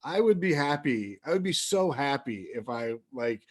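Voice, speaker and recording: A man's voice: medium pitch, lively intonation. Chill guy hosting a live stream, casual, moving things along. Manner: casual, friendly, hurried wrap-up. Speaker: host.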